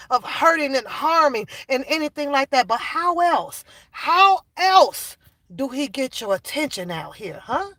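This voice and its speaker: A woman's voice: high-pitched, big pitch swings, unhurried, pushed and bright, no room sound, clean studio sound. A woman hosting a livestream, preaching casually and repeating lines for emphasis. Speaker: livestream host.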